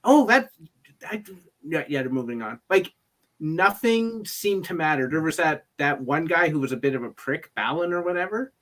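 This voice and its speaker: Casting note man, a bit higher-pitched, wry panelist weighing in on a film in a casual chat. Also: expressive, moderate pace, a bit bright. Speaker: movie review panelist.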